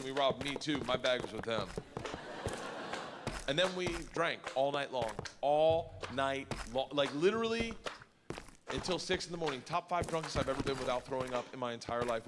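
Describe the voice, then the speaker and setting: A man doing stand-up comedy on a live stage, telling a story with animated energy and punchlines shouted out. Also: medium pitch, fairly quick, long reverb tail, very noisy.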